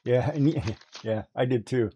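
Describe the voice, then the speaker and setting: A man chatting casually on a livestream, telling animated stories, laughing often and mimicking others. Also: mid-range voice, unhurried, breathy edge. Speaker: guest on a craft livestream. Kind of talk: casual chat.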